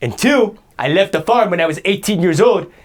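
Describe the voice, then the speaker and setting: A man's voice: sits high, expressive, brisk. A man playing a boastful, self-pitying guy who rambles indignant complaints in an improvised comedy sketch.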